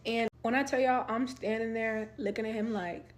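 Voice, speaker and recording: A young woman in her twenties telling a story to her viewers in casual talk, swearing, laughing and swinging between loud outbursts and quiet asides. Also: on the high side, fairly even intonation, moderate pace. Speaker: storytime vlogger.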